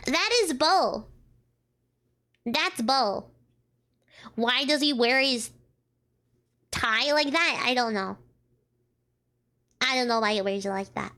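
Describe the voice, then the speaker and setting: A woman with a high, bright voice streams a story game, reading its text aloud at an unhurried pace and then breaking into exasperated asides. Faint game music plays behind her.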